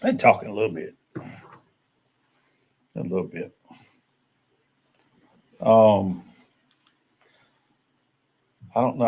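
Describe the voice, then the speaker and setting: An older man with a drawl hosts a relaxed live stream, and his voice sits a little low. He tells old jokes, greets viewers by name and ambles through small talk at an easy pace. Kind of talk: casual live stream chat. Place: rural camp.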